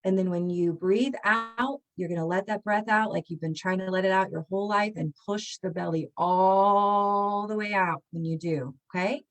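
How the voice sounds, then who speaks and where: A woman's voice: mid-range voice, fairly even intonation, moderate pace, few pauses. Breathwork instructor, woman; soothing, encouraging guided-breathing delivery with audible sighs.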